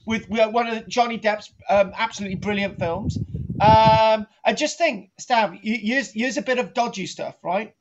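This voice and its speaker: A man's voice: sits high, moderate pace. Male lecturer, comic and rambling, repetitive, muffled lo-fi recording. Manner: rambling, repetitive, keeps asking "right?". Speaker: archaeology teacher. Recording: dull lo-fi sound.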